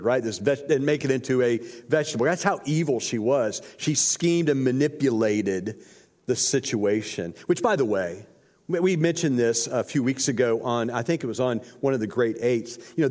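With a slightly mellow, mid-range voice, this male pastor speaks expressively at normal speed. He delivers a sermon that recounts scripture like a laid-back, slang-filled story, heard through long hall reverb.

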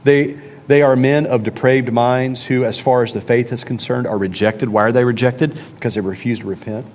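A man's voice: mid-range voice, steady tone, moderate pace, darkish tone, a little hiss or hum. A man preaching a conversational sermon with emphatic repetition. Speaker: pastor. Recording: long reverb of a large hall.

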